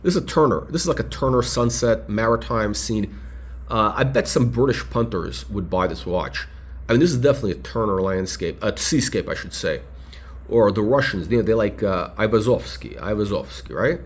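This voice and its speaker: A man's voice: on the low side, animated, a little fast. A man reviewing a luxury watch in a casual, unscripted way, rambling and blunt, often stopping mid-sentence to search for a word. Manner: rambling, blunt, full of hesitations and restarts.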